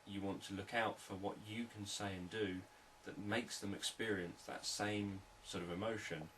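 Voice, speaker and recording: A man, a hypnotherapist, explaining sales techniques in a calm, repetitive, unscripted teaching talk. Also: fairly low pitch, moderate pace, distant mic, slight background noise, poor audio.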